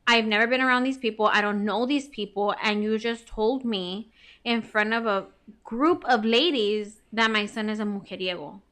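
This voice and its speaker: Woman ranting on a podcast, like every other word, bright kinda high voice. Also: moderate pace. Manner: chatty, says "like" constantly, swears, acts out quoted lines. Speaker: podcast co-host. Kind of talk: casual storytelling chat.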